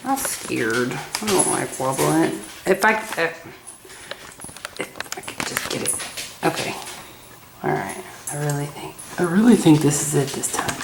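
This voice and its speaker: Woman filming in a home kitchen, jokey camera helper, lowish voice with a gravelly edge, echoey room with background noise. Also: animated, a little slow, pauses often. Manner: joking, playful about wobbling. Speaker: camera operator helping the host. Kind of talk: casual banter behind the camera.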